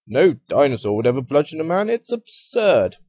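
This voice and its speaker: A man playing a pompous professor who declares things with certainty and waves ideas away. His pitch rises emphatically, recorded dry and close. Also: very animated, normal speed, a little mellow, breathy edge, dry recording. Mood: dismissive.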